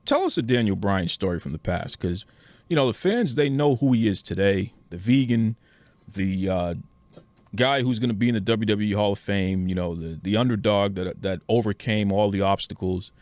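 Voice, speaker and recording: Male podcast host, low voice, dry close sound, eager questioner. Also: expressive, moderate pace, darkish tone, no room sound. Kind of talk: podcast interview.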